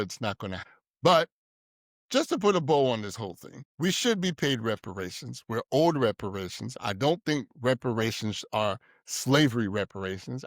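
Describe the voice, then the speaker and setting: A man's voice: mid-range voice, no room sound, studio quality. A man hosting a podcast discussion, ranting in a heated, profane way. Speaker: podcast host.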